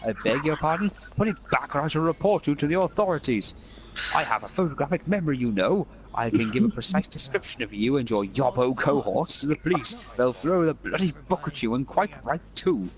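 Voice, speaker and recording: A man's voice: a little high, lively intonation, a little fast, close to an everyday voice, rough recording. A man voicing a blustering, pompous retired British major who scolds and rants at passers-by. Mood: indignant. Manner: ranting, scolding.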